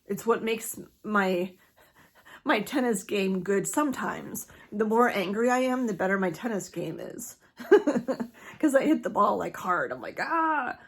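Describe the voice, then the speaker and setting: A woman's voice: mid-range voice, a little slow. A woman talking candidly to the camera in a personal vlog, rambling and restarting, swearing and laughing through her frustration. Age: adult, not yet menopausal. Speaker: vlogger sharing her cancer journey.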